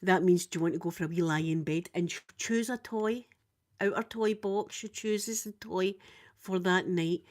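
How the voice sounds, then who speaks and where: Chatty Scottish woman in her fifties. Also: normal speed. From Scotland. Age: 50s. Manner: chatty and rambling, with big jumps up and down in pitch. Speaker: live-stream host. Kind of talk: casual live-stream chat with viewers.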